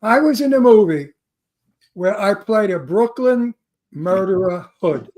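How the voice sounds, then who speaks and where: A woman's voice: medium pitch, lively intonation, measured pace, a little mellow. A woman, an actor guest, telling a blunt, brash story with cursing in casual chat.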